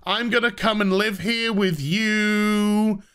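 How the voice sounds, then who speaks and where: A man's voice: high voice, steady tone, takes it slowly, sharp tone, smooth, exaggerated voice. A man voicing a whiny, unhinged villainess in a mocking rant, sounding a bit far from the mic.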